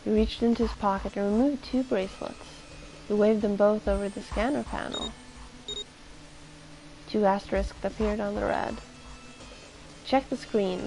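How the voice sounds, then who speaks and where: A woman's voice: medium pitch, creaky, warm tone, low-quality recording. A woman streaming a video game, reading the text aloud and then musing casually, with some swearing.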